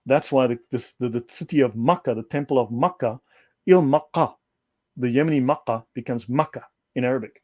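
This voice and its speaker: A man's voice: medium pitch, normal speed, darkish tone. A man holds forth as a livestream guest, pressing each point with emphasis and circling back to restate it. His voice sits in an ordinary middle register. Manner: lecturing, emphatic, repeats points. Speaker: guest speaker. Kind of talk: livestream discussion.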